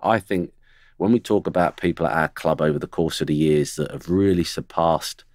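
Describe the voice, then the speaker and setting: Speaking at a moderate pace in a darkish bass voice, a middle-aged man who used to play football tells blunt podcast stories from the studio about teammates, imitating how they talked. No echo is audible.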